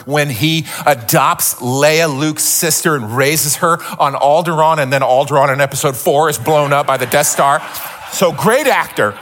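A man's voice: on the high side, moderate pace, a bit bright. A middle-aged man preaching a sermon, telling a story with many restarts before teaching. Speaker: pastor.

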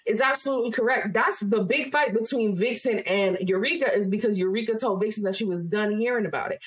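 A woman co-hosting a podcast, retelling a scene in an animated, heated way and quoting people as she goes. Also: medium pitch, a little fast. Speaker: podcast co-host. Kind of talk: casual chat.

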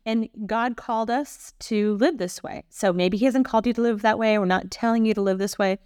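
Recorded dry and at studio quality on a podcast mic, a woman with a slightly high, slightly fast, mellow and smooth voice co-hosts a missionary podcast. She talks through Bible passages in a chatty, playful way, laughing often.

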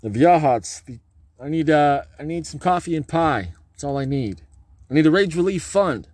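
A man giving a rambling, erratic, profane monologue, swinging between low muttering and loud outbursts. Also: expressive, normal speed, no room sound.

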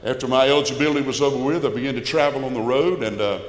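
A man's voice: medium pitch, rapid-fire. An older man, giving a folksy, emphatic personal testimony to a church congregation. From Albany, Georgia. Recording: echoey church hall with long reverb.

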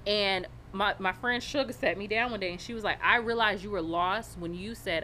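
A woman's voice: mid-range voice, normal speed, few pauses, bright, forceful tone, slight background noise. A woman co-hosting a podcast, talking candidly and reflectively in casual chat. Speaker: podcast co-host.

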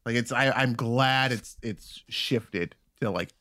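A man co-hosting a comedy podcast, rambling and profane, with halting restarts. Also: mid-range voice, fairly bright tone, no echo. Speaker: podcast co-host. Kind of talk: casual comedy podcast chat.

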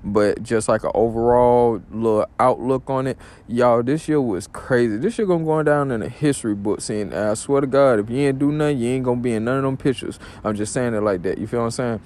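A man hosts his own podcast in a loose, rambling monologue full of slang and fillers. His mid-range voice has a darkish tone, and he talks briskly with few pauses.

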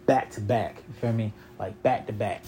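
A man's voice: lowish voice, steady tone, moderate pace, warm tone. A man in his twenties telling a long story in a casual, rambling and profane way, with constant "you feel me" fillers.

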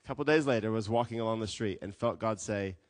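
A man preaching a sermon as a pastor, telling stories with lively acted quotes. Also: on the low side, fast, no echo. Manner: animated storytelling with acted quotes.

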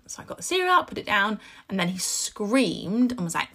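Bright-voiced chatty British woman. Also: mid-range voice, a little fast. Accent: British English. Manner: chatty, animated storytelling with frequent asides. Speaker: podcast host and mother. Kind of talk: casual chat.

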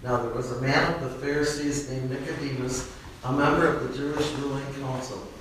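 A man in a class reading a Bible passage aloud at a steady, even pace. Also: medium pitch, a little fast, noisy background. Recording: echoey room, speaker far from mic.

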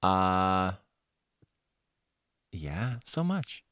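A man's voice: low-pitched, very animated, drawn-out words, a bit bright, smooth, no room sound, studio quality. A young Canadian man co-hosting a podcast, joking around in casual chat, swearing casually and laughing often. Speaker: podcast co-host.

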